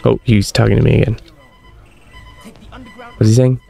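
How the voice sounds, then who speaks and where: A man's voice: lowish voice, flat delivery, moderate pace, vocal fry, dark tone, faint music behind. A young man commenting on a horror shooter as he plays, with jumpy, self-mocking reactions. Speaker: gaming streamer. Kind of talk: let's-play commentary.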